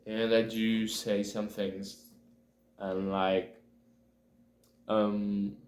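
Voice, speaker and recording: Slow, hesitant Brazilian man. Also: on the low side, flat delivery, a little mellow, a little hiss or hum. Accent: Brazilian Portuguese. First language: Portuguese. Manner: hesitant, pauses often to find words. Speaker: English learner. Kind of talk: casual self-recorded video. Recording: roomy echo.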